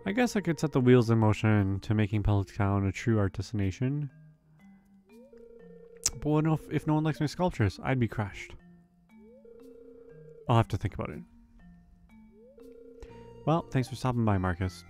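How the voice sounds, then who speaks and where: A man voicing a young woman artist from a farming game, speaking softly and earnestly. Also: medium pitch, animated, moderate pace, pauses often, soft background music, close to an everyday voice. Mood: hesitant.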